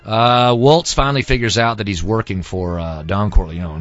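A man's voice: fairly low pitch, fairly even intonation, moderate pace, fairly bright tone. A man, a student, casually retelling a film with lots of fillers, in a dull, lo-fi recording with faint music. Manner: rambling, many fillers.

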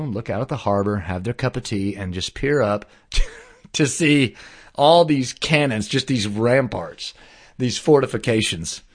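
A man telling a story in casual chat, animated and slangy, swearing now and then. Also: lowish voice.

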